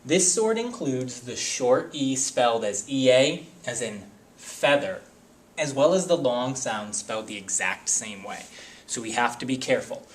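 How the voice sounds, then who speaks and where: A man's voice: medium pitch, big pitch swings, measured pace. A man teaching a spelling lesson, explaining carefully and reading word lists one word at a time.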